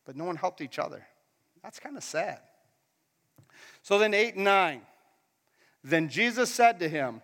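A man's voice: a little high, expressive, moderate pace, long pauses, a bit bright. A man preaching a casual, conversational sermon in a church hall, asking the crowd questions as he goes. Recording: long hall reverb.

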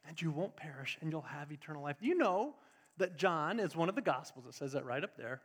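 A male pastor preaching a lively live sermon to his congregation. He talks straight to them and climbs to emphatic peaks. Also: fairly high pitch, fairly quick. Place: church sanctuary with congregation. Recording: reverberant church hall.

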